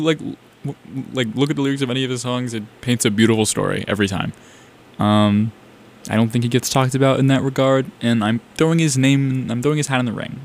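A young man from South Carolina hosting a music show, chatting in a rambling, enthusiastic way about songs he just played. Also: mid-range voice. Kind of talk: casual music radio chat.

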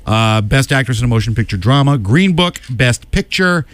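A man's voice: medium pitch, animated, a bit bright, dry recording. Casual man rattling off award winners. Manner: rattles off winners with quick opinions, many "uh" fillers. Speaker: podcast co-host. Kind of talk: casual awards recap chat.

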